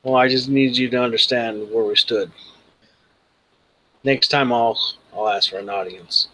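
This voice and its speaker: A man's voice: mid-range voice, fairly even intonation, unhurried, sharp tone, low-quality recording. A man voicing a brash, cocky male goblin who talks bluntly and swears.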